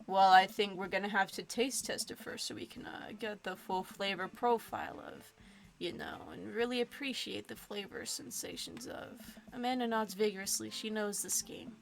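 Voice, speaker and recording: A woman's voice: medium pitch, fairly even intonation, normal speed, creaky. A woman streaming a game live, reading it aloud with goofy, rambling asides. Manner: goofy, rambling, self-joking.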